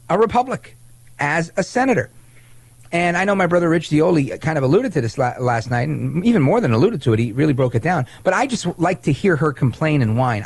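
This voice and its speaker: Energetic sarcastic male talk host. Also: fairly high pitch, no room sound. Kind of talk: talk radio/podcast monologue.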